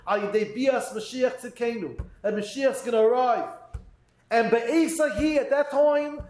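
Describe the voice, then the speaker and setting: A very high-voiced man delivers a sermon-style Torah talk. He reads Hebrew phrases slowly, then rushes through the English translation. The echoey room gives his voice a roomy ring. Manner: acts out doubters' voices in quotes. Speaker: rabbi giving a Torah talk.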